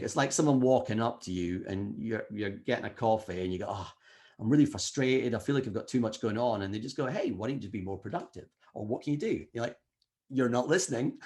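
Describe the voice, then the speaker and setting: A middle-aged man giving a motivational talk at a summit. He speaks in an average-pitched male voice and keeps the energy high. He slips into quoted inner voices as he explains. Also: darkish tone.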